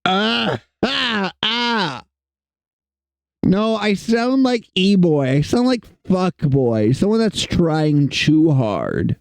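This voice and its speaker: A man's voice: a little high, big pitch swings, slow pace, hardly any pauses, a little mellow, no room sound. A young man streaming while he draws, chatting with viewers in a rambling, self-mocking, jokey way. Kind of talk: casual livestream chat while drawing.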